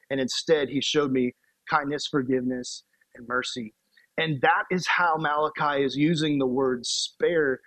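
Young guy preaching, animated and playful, slightly high voice, dry close sound. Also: no room sound, poor audio. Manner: animated, playful storytelling with laughs. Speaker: youth pastor. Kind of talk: storytelling sermon.

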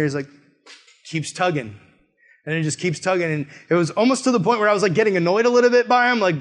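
A young man, a missionary, preaching a sermon through a personal story in a casual way, full of "like", and jumping high and loud when he acts out his own reactions. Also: fairly quick. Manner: animated storytelling, often rising high and loud in quoted outbursts; casual, peppered with "like".

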